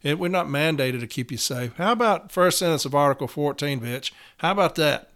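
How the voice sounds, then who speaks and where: A man's voice: on the high side, lively intonation, brisk, a bit bright. A man, a union steward talking blunt and profane in a casual podcast monologue, getting fired up.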